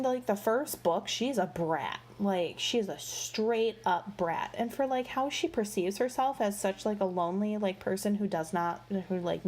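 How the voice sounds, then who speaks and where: A woman with a mid-range, darkish voice gossips her way through a book series in a casual, chatty review. She sounds exasperated as she rambles, leaning on fillers like "like" and "you know."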